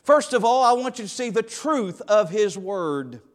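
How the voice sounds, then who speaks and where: A man's voice: sits high, very animated, measured pace. A man preaching a sermon as pastor, emphatic and repeating key phrases for weight. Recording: long hall reverb.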